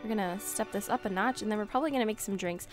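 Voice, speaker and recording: A woman's voice: mid-range voice, very fast, faint music behind. A woman giving casual, joking gameplay commentary, sarcastic and giggly, with the odd swear. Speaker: let's play host.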